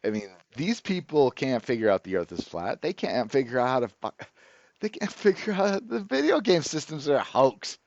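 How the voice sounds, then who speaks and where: A man's voice: medium pitch, sing-song, moderate pace, a little mellow, dry recording. An exasperated man vents to his viewers, swearing and sneering as he goes. His voice swoops up and down with a lot of movement. It comes through a dry, dull, lo-fi recording with no room sound. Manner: profane, sarcastic, exasperated. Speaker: channel host. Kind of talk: ranting to camera.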